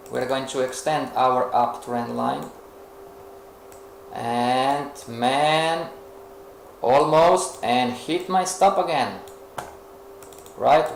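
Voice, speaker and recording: A man's voice: mid-range voice, creaky. A man teaching a live trading webinar, talking the audience through it with rhetorical questions and playing a frustrated beginner. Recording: echoey room with faint noise.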